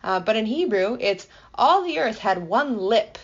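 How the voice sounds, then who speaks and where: A woman explaining a Bible passage in a playful, enthusiastic way, building excitement as she goes. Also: fairly high pitch, unhurried, dull audio. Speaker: Bible teacher. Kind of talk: explanatory podcast talk.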